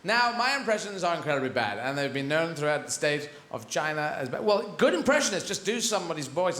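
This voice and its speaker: A male stand-up comedian performs on stage in a large, echoey theatre, with loud audience laughter. His voice is on the high side and sing-song, a little fast with hardly any pauses, and his delivery is rambling, surreal, and self-interrupting.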